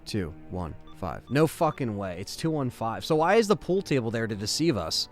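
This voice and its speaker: A man chatting casually while streaming a game live, excitable and quick to swear. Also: mid-range voice, soft background music. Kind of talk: casual live gameplay chat.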